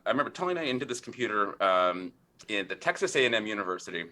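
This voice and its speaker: A man's voice: lowish voice, big pitch swings, fast, pushed and bright. A middle-aged man, a podcast guest, telling a rambling story in casual interview talk, full of fillers and restarts.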